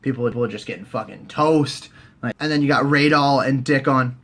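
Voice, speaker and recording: A young man, recapping a TV season in a casual, profane, jokey way and slipping into quick silly character voices. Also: mid-range voice, fairly bright tone. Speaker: recap host.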